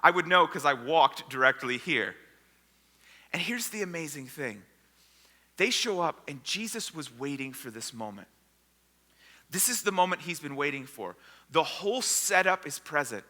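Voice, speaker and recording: A man preaching a sermon as pastor, retelling a story with lively acted-out voices for the people in it. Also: fairly high pitch, moderate pace. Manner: storytelling, acting out the disciples and crowd. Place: church sanctuary. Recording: long hall reverb.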